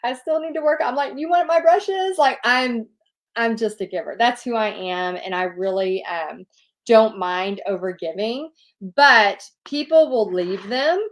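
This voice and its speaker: A woman's voice: medium pitch, measured pace. A middle-aged woman hosting a casual live question-and-answer session, reading out viewers' questions and comments and answering them in a gushing, bubbly way.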